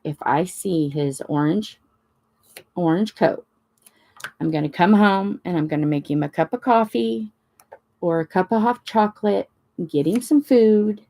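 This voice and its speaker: A woman's voice: on the low side, a little slow, creaky. A woman hosting a crafting chat, telling a rambling story in a casual way and acting out the dialogue. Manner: rambling, animated retelling with quoted dialogue. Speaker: crafting channel host.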